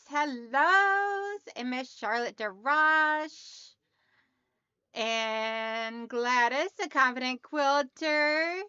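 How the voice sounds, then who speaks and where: A woman's voice: sits high, pushed and bright, dry recording, lo-fi sound. A woman hosting a sewing livestream, chatting casually and greeting her viewers one by one by name.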